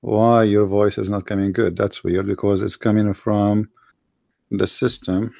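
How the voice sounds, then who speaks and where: A man's voice: lowish voice, little pitch movement, measured pace, creaky, mellow, no room sound, clean studio sound. A man with an Arabic accent hosting a live call-in debate stream, asking insistent, challenging questions. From Middle East. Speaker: debate livestream host.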